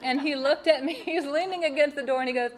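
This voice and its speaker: A woman telling a personal testimony, expressive and laughing at her own mishaps. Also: sits high, quick pace. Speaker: speaker sharing a personal testimony. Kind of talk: personal storytelling.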